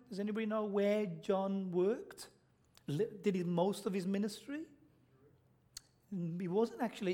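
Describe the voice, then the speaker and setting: A man gives a sermon in a church. His voice sits high for a man, and he keeps it conversational, throwing questions out to the congregation and checking in with "okay?" as he goes. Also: mellow. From Britain. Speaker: preacher.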